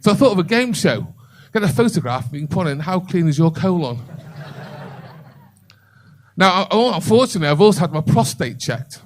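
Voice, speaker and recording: Animated older male stand-up comic. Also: high-pitched, a little fast. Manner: animated, bawdy storytelling with crowd work. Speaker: stand-up comedian. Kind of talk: stand-up comedy set. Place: comedy club stage.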